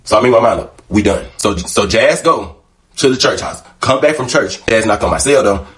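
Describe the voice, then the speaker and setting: A man's voice: on the low side, moderate pace, fairly bright tone. A man hosting a casual storytime vlog, candid and profane, acting out the lines of the people in his story. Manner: profane, candid storytelling that acts out quoted dialogue. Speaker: vlog host.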